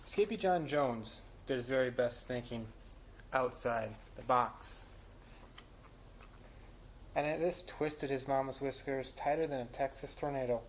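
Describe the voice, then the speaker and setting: A young man reading a children's picture book aloud, with lively character voices and small stumbles. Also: medium pitch, unhurried, long pauses, a little hiss or hum. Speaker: camp storyteller.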